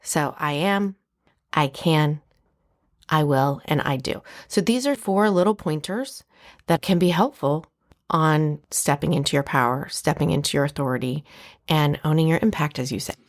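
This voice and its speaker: A woman speaking on a podcast as a heart healer, explaining ideas in a calm, measured way. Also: deep voice. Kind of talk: conversational podcast teaching.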